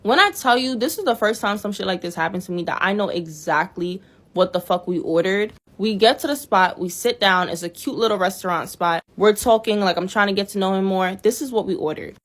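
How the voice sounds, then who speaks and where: A woman's voice: mid-range voice, fairly quick. A young woman in a casual storytime vlog, telling a dating story in a blunt, profane and exasperated way.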